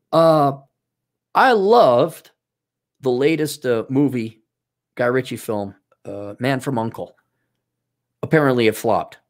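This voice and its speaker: A man with a slightly raised voice talks through casual advice. He rambles, restarts his sentences and speaks bluntly and informally. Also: on the high side.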